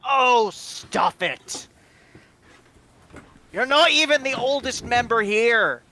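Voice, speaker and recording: Bright, high-voiced man at a tabletop game. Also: lively intonation, takes it slowly. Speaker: player. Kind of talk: playing a tabletop game, often in character.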